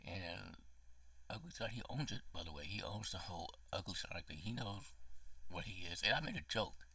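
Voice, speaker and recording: Gravelly low-voiced man ranting about a movie. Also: lively intonation, brisk, bright, forceful tone, no echo, far from the mic. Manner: emotional, profane, dramatic ranting with whispered asides. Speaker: movie reviewer. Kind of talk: casual spoken film review.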